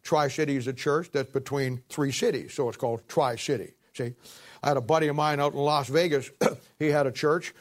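A pastor from Ohio, United States, preaches a sermon in a steady, mid-range voice. He swells and slows when reading scripture, then drops back into chatty asides, clearing his throat now and then.

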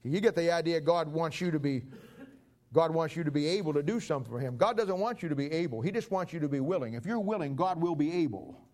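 A man's voice: a little high, animated, quick pace, darkish tone. A man preaching a folksy, conversational sermon and acting out Bible stories.

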